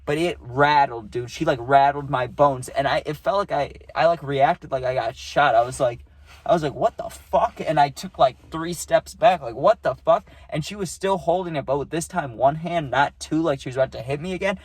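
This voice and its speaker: A man's voice: fairly high pitch, fairly quick, dry recording. A young man casually telling a story in a rambling, slangy way, cursing and saying dude a lot.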